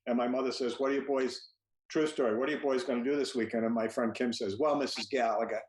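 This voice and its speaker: A man's voice: medium pitch, steady tone, fast talker. A man on a video call telling a wry comic story, building to a punchline. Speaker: comedian. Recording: echoey room, faint noise.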